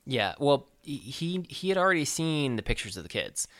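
A man's voice: mid-range voice, big pitch swings, a bit bright, dry recording. A man co-hosting a podcast, recapping a film in casual chat with many ums and uhs. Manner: halting, filler-heavy recap. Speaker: podcast co-host. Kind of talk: casual movie discussion.

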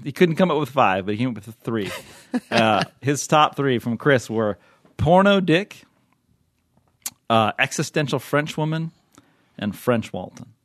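A man's voice: medium pitch, very animated, a little slow, no room sound, studio quality. A man hosting a podcast in casual chat, rambling with many fillers and frequent chuckles. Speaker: podcast host.

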